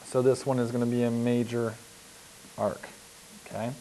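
Dark in tone, mid-range, and flat in delivery, this man teaches geometry at a moderate pace in a low-quality lecture recording. The math teacher is patient, repeating himself and often saying "uh" and "okay" as he goes through examples on the board.

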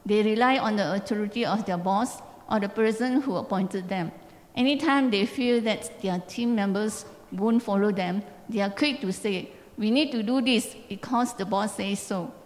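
A woman's voice: mid-range voice, moderate pace, darkish tone. A woman, reading a passage aloud during a church seminar. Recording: long church hall reverb.

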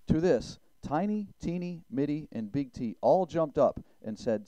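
A man narrating a children's story with a gentle storybook telling. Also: fairly high pitch, animated, a little slow, few pauses, no echo, poor audio. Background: music.

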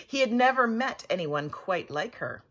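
A woman reading a picture book aloud as storyteller, expressive and playful. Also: medium pitch, moderate pace.

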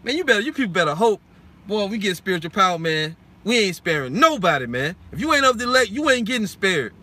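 Fired-up, bright-voiced preacher man. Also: sits high, very animated, fast talker. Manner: heated, blunt and profane, keeps adding "man". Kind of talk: informal sermon with scripture reading.

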